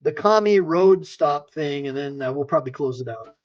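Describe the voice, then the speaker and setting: Brief: male attorney-host, slightly high voice, heated ranting livestream commentary. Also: expressive, moderate pace, dull audio. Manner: ranting, heated rhetorical questions. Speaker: attorney and online show host.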